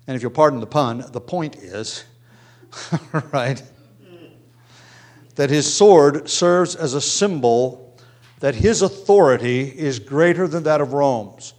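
A man teaching verse by verse through a Bible passage, halting often with ums and restarts, his voice sinking low at the ends of phrases. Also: animated, a little mellow.

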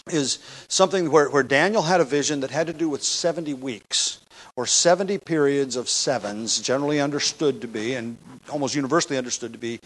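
A man preaching a verse-by-verse sermon, emphatic and slowing down on key words, often asking the congregation rhetorical questions. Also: medium pitch, poor audio. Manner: emphatic, slows down for stress. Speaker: pastor. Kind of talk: expository sermon.

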